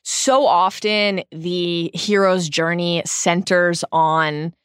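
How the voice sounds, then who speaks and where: A woman's voice: fairly low pitch, drawn-out words, fairly bright tone, clean tone, dry recording. A woman co-hosting a podcast book discussion, earnest and emphatic, reading passages aloud at a close studio mic. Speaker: podcast co-host.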